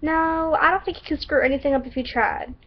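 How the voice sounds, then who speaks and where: A woman voicing a kindly, encouraging Southern woman in a put-on Southern accent, speaking softly and reassuringly. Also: high-pitched, brisk, muffled recording, voice pushed up, natural voice. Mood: soothing.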